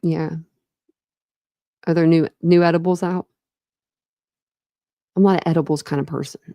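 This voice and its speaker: Chatty low-voiced woman streaming from home. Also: fairly even intonation, normal speed, mellow, no room sound, studio quality. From Ohio. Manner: rambling, chatty, many fillers and restarts. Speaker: true crime channel host. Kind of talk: casual livestream chat with viewers.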